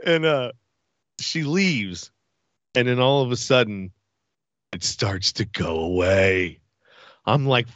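A man telling a funny story as a podcast guest, animated and laughing as he talks. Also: medium pitch, takes it slowly, long pauses, dry recording, highs cut off. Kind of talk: casual storytelling.

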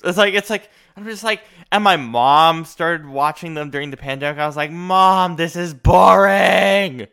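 Young man, podcast co-host, opinionated, slightly high, smooth voice. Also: a little fast, hardly any pauses, pushed and bright. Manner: emphatic, opinionated. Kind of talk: casual chat.

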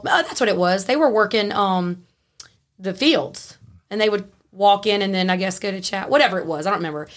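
A woman, a podcast guest telling a story in a frank, animated way and laughing easily. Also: medium pitch. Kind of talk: casual storytelling.

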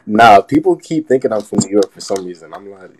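A man's voice: on the low side, lively intonation, brisk, very noisy. A young man hosting a phone live stream, bantering loosely in slang and laughing often. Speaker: TikTok live host. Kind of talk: casual chat.

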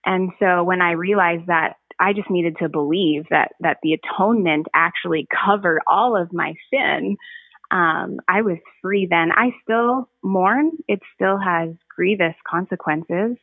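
A woman giving a personal testimony as a podcast guest, speaking earnestly and reflectively, with frequent pauses and restarts. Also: fairly low pitch, no echo. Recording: tinny phone line, dry.

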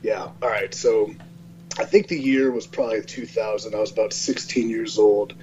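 A man's voice: fairly low pitch, steady tone, moderate pace, darkish tone. Man, 30s, podcast guest, laughing, self-mocking, dull lo-fi sound, faint hum. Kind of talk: casual podcast chat.

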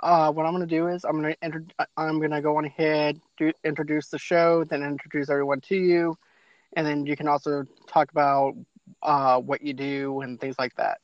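A man hosting a podcast, chatty and quick to laugh while interviewing a guest. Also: on the high side, flat delivery, no echo, muffled recording. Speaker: podcast host. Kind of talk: casual interview chat.

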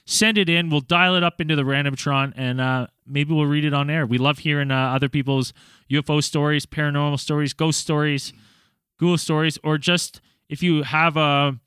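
Chatty male podcast host, bright tone, dry close sound. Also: fairly high pitch, steady tone, normal speed, clear, resonant tone, no room sound. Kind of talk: casual podcast chat.

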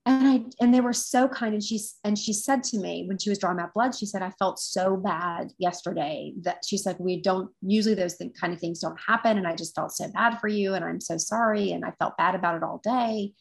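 A woman's voice: mid-range voice, brisk, gravelly, few pauses. A woman guest who teaches intuitive development, telling a story in an earnest, reflective casual chat.

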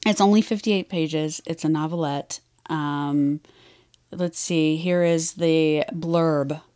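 A woman's voice: low-pitched, fairly even intonation, slow pace, a little mellow, smooth. A woman co-hosting a podcast, chatting candidly about romance novels, laughing often and using plenty of fillers. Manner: giggly, candid, lots of fillers. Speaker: podcast co-host. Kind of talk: casual chat about romance books.

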